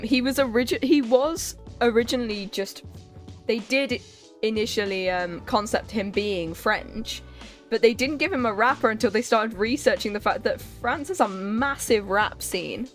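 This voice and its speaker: A woman's voice: fairly high pitch, lively intonation, moderate pace. British woman streamer chatting over a game, chill, little bit of music behind. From Britain. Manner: chatty, reacts to the game, laughs easily. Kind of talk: casual chat while playing a game.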